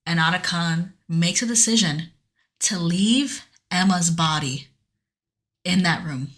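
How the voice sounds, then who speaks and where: A woman's voice: fairly low pitch, slow, a bit bright. A woman co-hosting a podcast, recapping a video game story in casual chat with an earnest, rambling manner and many restarts. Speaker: podcast co-host.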